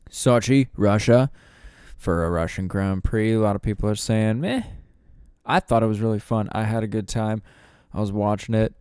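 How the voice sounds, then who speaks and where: A man rambling through a casual solo podcast, with a lowish, mellow voice. He swears freely and trails through fillers. The recording is close and dry. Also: fairly even intonation, moderate pace, clear, resonant tone, no room sound. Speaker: podcast host.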